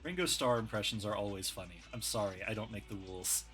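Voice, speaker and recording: A man's voice: on the low side, quick pace, a bit bright, faint music behind. A man from New York, streaming and chatting casually, laid-back and sweary, speaking into a desktop USB mic. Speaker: streamer host. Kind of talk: casual chat while drawing on stream. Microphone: desktop USB microphone.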